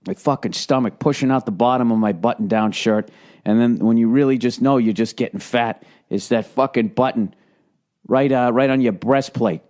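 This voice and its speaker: A man's voice: medium pitch, darkish tone. Profane ranting middle-aged man. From United States. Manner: profane, ranting, acts out quoted voices. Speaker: podcast host. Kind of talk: rambling comedic monologue.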